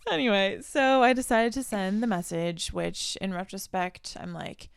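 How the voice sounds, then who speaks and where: A young woman co-hosting a podcast, telling a dating story in an animated, casual way with lots of "like"s. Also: mid-range voice, moderate pace, vocal fry, clean tone, no room sound. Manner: animated storytelling, many "like"s, reads her texts aloud. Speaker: podcast co-host. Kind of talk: casual chat.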